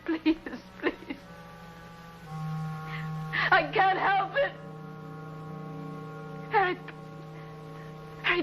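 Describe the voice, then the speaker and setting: A woman's voice: high voice, natural voice. An actress playing a tearful, stammering woman begging on the phone. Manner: stammering, pleading. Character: lonely distraught woman begging her ex-lover. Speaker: actress in a TV drama. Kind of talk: 1950s TV drama acting. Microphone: telephone in hand. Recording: dull 1950s TV soundtrack with score.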